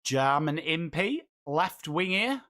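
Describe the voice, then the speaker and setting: A man's voice: a little high, big pitch swings, takes it slowly, fairly bright tone. A man with an English accent hosting a live football watchalong, chatting casually with viewers and calling the play. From England. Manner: chatty, reads and answers viewer comments while calling the play. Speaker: host of a live footy watchalong. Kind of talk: casual live-stream chat with commentary.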